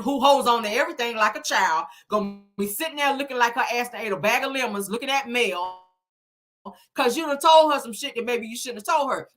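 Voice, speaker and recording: A woman's voice: fairly high pitch, bright, forceful tone. A woman recapping a reality show in casual commentary, sassy and blunt, cussing freely.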